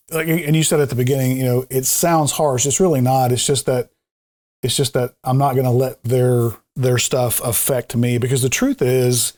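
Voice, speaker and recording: A man's voice: medium pitch, a little mellow. A man hosting a podcast, talking in a thoughtful and affirming way. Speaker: podcast host. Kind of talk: conversational podcast talk.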